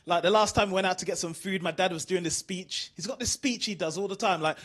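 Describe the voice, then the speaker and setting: A man from the UK doing an animated stand-up routine, asking the crowd questions. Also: high-pitched, quick pace, hardly any pauses. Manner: animated storytelling, asks the crowd. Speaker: stand-up comedian.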